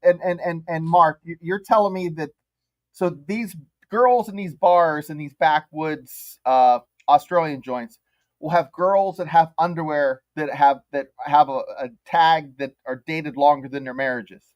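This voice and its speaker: A man's voice: fairly high pitch, fairly even intonation, a little slow, no room sound, highs cut off. A man co-hosting a podcast, rambling through his points with many restarts. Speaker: podcast co-host. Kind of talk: casual chat.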